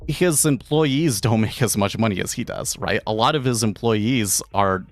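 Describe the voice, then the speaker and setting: Faint music plays behind a man with a lowish voice speaking at moderate pace. In casual live-stream chat on his day trading stream, he rambles through a tale and plays out its characters in a raised voice.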